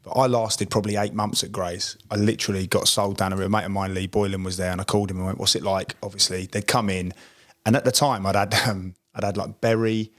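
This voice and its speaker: This podcast co-host is an ex-pro footballer from Essex, England, recounting a story at a brisk pace in a low-sitting voice. In this easygoing chat, he performs the quoted lines in lively voices.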